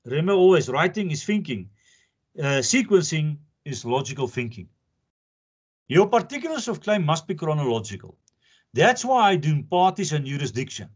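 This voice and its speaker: A man's voice: fairly high pitch, big pitch swings, normal speed, breathy edge. A man giving a recorded law lecture, talking in a conversational way and repeating his points for emphasis. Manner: repetitive, emphatic, conversational teaching.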